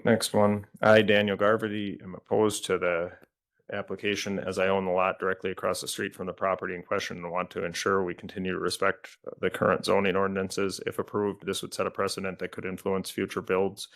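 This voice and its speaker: A man reading written letters aloud into the record at a county committee meeting, in a flat, even manner with occasional stumbles. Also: low-pitched, creaky. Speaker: committee staff reading correspondence.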